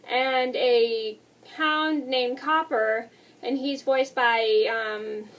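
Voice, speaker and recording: Young woman in her twenties, high voice, quick rambling vlog talk, heard a bit off the mic. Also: far from the mic. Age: 20s. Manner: fast, rambling, apologetic. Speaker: vlogger. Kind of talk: casual movie review.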